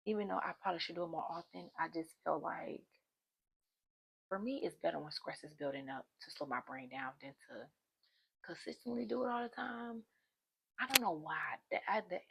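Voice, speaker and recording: A woman's voice: on the low side, gravelly, a bit bright, slightly rough. A young woman vlogger talking straight to her viewers, giving casual self-help advice in a chatty, informal way.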